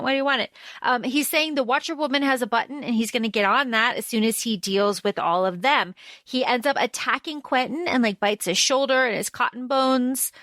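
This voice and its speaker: A woman co-hosting a casual book podcast, retelling the plot in a lively way and acting out what the characters say. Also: sits high, no echo, studio quality. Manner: animated retelling with acted-out quotes. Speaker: podcast co-host.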